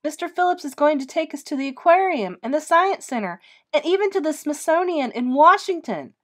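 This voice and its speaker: A whiny, upset ten-year-old boy from a read-aloud storybook, voiced by a woman. The voice sits up high and gets loud and pleading, like a child protesting to his mother. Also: expressive, fairly quick.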